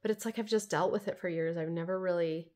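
A woman's voice: fairly low pitch, fairly even intonation, fast talker, dark tone. A woman in her thirties chatting casually in a home vlog, rambling with lots of fillers. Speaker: vlogger.

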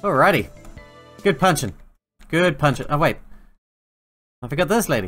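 A man's voice: fairly high pitch, big pitch swings, moderate pace, pauses often, fairly bright tone, faint music behind. A man giving casual, jokey let's-play commentary while playing a game. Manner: chatty, jokey, apologetic. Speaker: gameplay commentator.

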